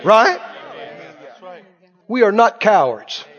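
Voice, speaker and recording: Very high-pitched fiery male preacher. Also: sing-song, very slow, fairly bright tone, dull audio, some chatter behind. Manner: fiery, colloquial preaching with mocking asides. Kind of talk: sermon.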